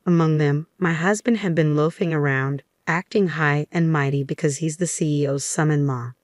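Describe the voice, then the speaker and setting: Reading a story told in the first person, a female narrator with a low voice keeps an even, steady delivery at normal speed. The sound is dry and close-miked, with no room sound at all.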